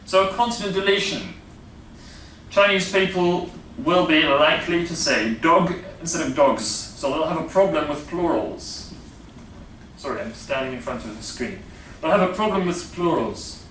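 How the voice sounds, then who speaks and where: Recorded from a distance in an echoey lecture room with some hiss or hum, a man with a Dutch accent walks a class through phonetics step by step. He uses many fillers and keeps checking "yeah?". His voice runs on the high side, animated and fairly bright, at a moderate pace.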